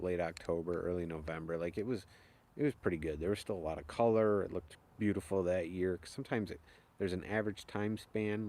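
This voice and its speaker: Laid-back man, low voice, casual live-stream chatter. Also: a little mellow, a little hiss or hum. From upstate New York. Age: young adult. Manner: rambling and laid-back, chuckles often. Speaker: chainsaw carver hosting a live stream.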